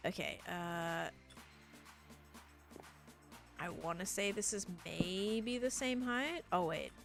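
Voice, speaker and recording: A woman's voice: on the low side, a little slow, creaky, music in the background. Bubbly Australian woman streaming a game. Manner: chatty, reads and answers chat while building, bubbly. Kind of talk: casual live-stream chat while gaming.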